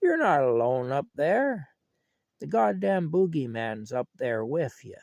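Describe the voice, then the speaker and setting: An older man voicing a gruff old grandfather who yells up at his grandchildren in a loud, folksy, scolding way. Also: medium pitch, big pitch swings, normal speed, dry recording, studio quality, heavily acted. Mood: mocking.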